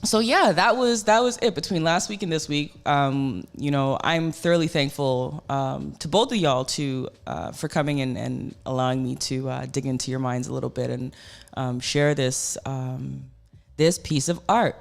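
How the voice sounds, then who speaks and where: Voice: medium pitch, moderate pace, creaky. Rambling, effusive radio host. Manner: effusive, rambling, lots of fillers. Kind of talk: casual radio interview. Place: radio studio.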